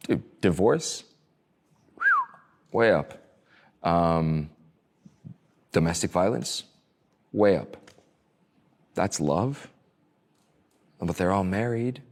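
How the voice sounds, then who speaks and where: Interview guest: a man with a low, deep voice who rambles casually, restarts his sentences often and swears now and then. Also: drawn-out words, long pauses, darkish tone. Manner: loose and rambling, swears, many fillers and restarts. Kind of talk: casual conversation.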